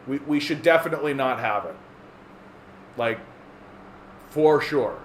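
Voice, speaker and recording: A man's voice: lively intonation, a little slow. A man ranting sarcastically and profanely in a political livestream monologue. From Canada. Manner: profane, sarcastic, mocks opponents in squeaky voices. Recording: echoey room with faint ambient noise.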